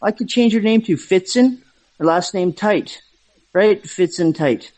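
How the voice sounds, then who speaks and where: A man's voice: high-pitched, unhurried, darkish tone, poor audio. A man hosting a casual chat, lecturing his guest and repeating himself, talking over others.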